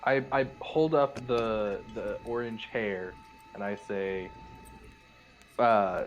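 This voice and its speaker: A man playing a tabletop game, giving deadpan in-character lines between hesitant fillers. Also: fairly low pitch, slow, soft background music. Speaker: player. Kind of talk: casual tabletop role-play.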